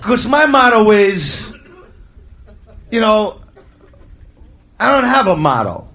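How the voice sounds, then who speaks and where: A man doing a loud, crude, rambling stand-up routine. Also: high-pitched, very animated, takes it slowly, slight background noise. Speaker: stand-up comedian. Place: comedy stage before a crowd.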